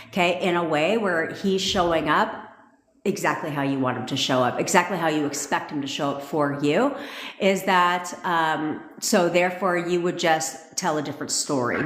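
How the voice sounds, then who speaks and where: A blunt, fast-swearing woman coaching her viewers in a loose live-stream chat. Her voice sits fairly low and bounces around a roomy, echoey space. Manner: blunt, profane and emphatic. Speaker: manifestation coach. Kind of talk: casual live-stream talk. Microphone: phone. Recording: echoey room.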